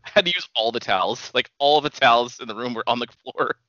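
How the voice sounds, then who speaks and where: A man's voice: mid-range voice, fast talker, bright, forceful tone, dry recording, lo-fi sound. A young man co-hosting a casual podcast, teasing and needling his friend with crude jokes.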